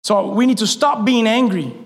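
A man preaching a sermon as pastor, animated and emphatic, dropping at times to a hushed tone. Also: high voice, moderate pace, big-room sound.

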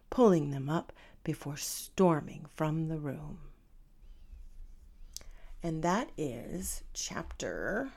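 A woman romance author reading a chapter aloud in a soft, formal way, then chatting casually with her listeners. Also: low voice.

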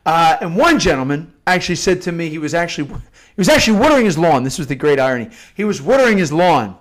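Earnest, higher-voiced man preaching devotionally. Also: big pitch swings, fast. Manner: earnest, repeats and restarts phrases for emphasis. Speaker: Catholic novena host. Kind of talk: spontaneous devotional teaching.

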